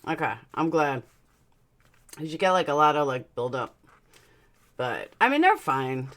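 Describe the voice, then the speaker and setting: A woman's voice: deep voice, big pitch swings, measured pace, fairly bright tone. Chatty woman streamer with a slight lisp. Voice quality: slight lisp from dental aligners. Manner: chatty, blunt, swears casually, answers chat aloud. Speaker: livestream host reading chat. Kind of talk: casual live-stream chat.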